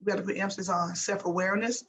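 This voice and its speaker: A woman's voice: medium pitch, fairly even intonation, rapid-fire, a bit bright, a little hiss or hum, rough recording. A woman guest speaking as a basketball coach, emphatic and motivational, repeating phrases for effect. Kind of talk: motivational interview talk.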